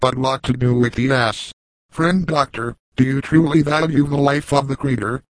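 A man's voice: mid-range voice, steady tone, moderate pace, no room sound, natural voice, rough recording. A man reading as a blunt old backwoods trapper. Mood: stern. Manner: plainspoken, folksy and chiding.

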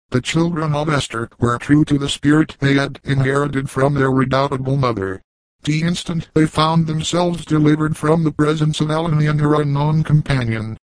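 A man's voice: on the high side, no room sound, rough recording. Man reading a classic novel aloud. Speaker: audiobook reader. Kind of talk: scripted narration.

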